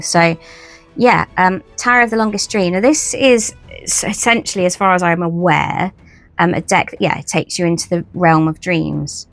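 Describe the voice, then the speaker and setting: A woman's voice: lowish voice, fairly even intonation, moderate pace, vocal fry, fairly bright tone, soft background music. A woman chatting casually in a haul video about her new tarot decks. She rambles, restarts her sentences and pokes fun at herself. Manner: chatty, rambling, self-deprecating, many restarts. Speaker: tarot vlogger.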